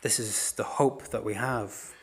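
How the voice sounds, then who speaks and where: A middle-aged pastor preaches with passionate storytelling, his lowish voice a little slow as it swings from loud cries to hushed words.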